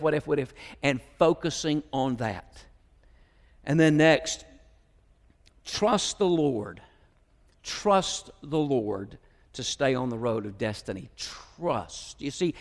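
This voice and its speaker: A man with a Southern American accent preaching a sermon, moving between soft musing and raised, emphatic preaching. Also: fairly high pitch. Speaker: pastor. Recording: hall reverb.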